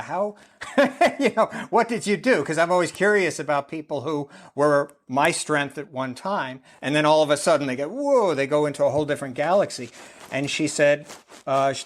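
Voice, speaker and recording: A middle-aged American man talking casually as a podcast guest, rambling with many fillers and frequent laughs. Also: mid-range voice. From United States. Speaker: podcast guest, amateur chess player. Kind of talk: casual interview talk.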